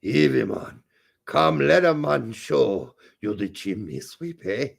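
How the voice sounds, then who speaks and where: A man's voice: mid-range voice, animated, slow, creaky, breathy edge, heavily acted. A man voicing a flirty adult man with a clumsy put-on Jamaican accent that drifts toward French, crooning in a smarmy way. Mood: teasing.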